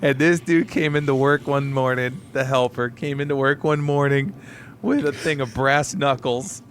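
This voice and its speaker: Man, podcast co-host, casual swearing storyteller, average pitch, faint background noise. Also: moderate pace. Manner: animated storytelling with swearing and put-on quotes. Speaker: podcast co-host, delivery driver. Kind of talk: casual profane chat.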